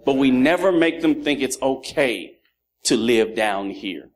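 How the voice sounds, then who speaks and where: Here a man in his thirties preaches at a measured pace in a mid-range voice. Animated and playful, he acts out his children's voices, folding funny stories about his sons into lessons on fatherhood.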